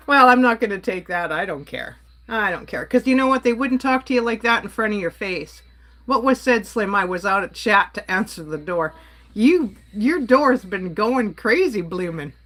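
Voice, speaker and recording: A woman's voice: mid-range voice, a little slow, fairly bright tone. A woman from Canada ranting on a casual livestream, exasperated and blunt while she reads and answers her chat. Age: adult.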